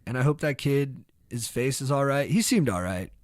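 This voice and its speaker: A young man, a podcast co-host, telling a casual story in an animated way, sometimes shouting when acting out the scene. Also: medium pitch, moderate pace, no echo, clean studio sound. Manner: animated, bursts into shouted reenactments.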